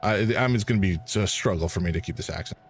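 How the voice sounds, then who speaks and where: A man's voice: deep voice, quick pace, soft background music. A man giving casual commentary while playing a mystery game and reading on-screen text aloud. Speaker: game streamer.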